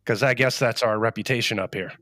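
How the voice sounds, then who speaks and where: A man's voice: lowish voice, fast, bright, forceful tone, dry recording, clean studio sound. A man from Rhode Island, co-hosting a chat show with crude, scornful remarks. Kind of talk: casual live-stream chat.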